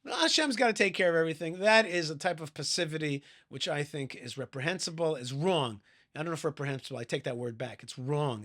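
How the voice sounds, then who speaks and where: A man's voice: medium pitch, a bit bright. A man answering interview questions in an emphatic, exhorting way, often repeating his phrases. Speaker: interview guest.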